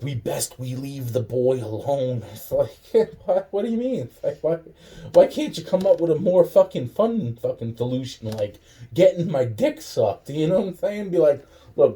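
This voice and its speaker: A man's voice: mid-range voice, mellow. A young man rambling to camera in a profane, laughing monologue full of restarts. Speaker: vlogger.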